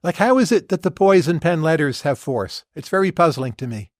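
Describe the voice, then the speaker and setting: A man's voice: fairly high pitch, expressive, fairly quick, no echo, studio quality. An American man hosting an interview, asking direct, analytical questions. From United States. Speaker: podcast host, interviewer.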